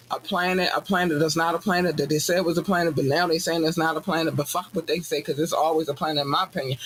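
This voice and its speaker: A man hosting a podcast, talking in a casual comedic monologue with animated, profane, jokey ranting. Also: a little hiss or hum, rough recording. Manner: animated, profane, jokey ranting with sudden high-pitched outbursts. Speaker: podcast host.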